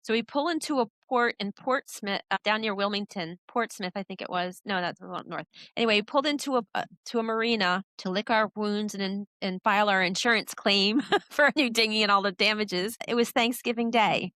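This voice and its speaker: A middle-aged woman, a podcast guest, telling her story in a lively, animated way. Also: mid-range voice, brisk, no echo. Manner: animated storyteller who acts out voices in quotes. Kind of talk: storytelling in a casual interview.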